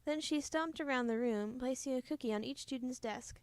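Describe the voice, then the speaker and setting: A woman with a high, light voice reads a children's storybook aloud, gentle and expressive. Her voice sounds close and dry, with no echo. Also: normal speed. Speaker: storybook reader. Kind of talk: reading a children's book aloud.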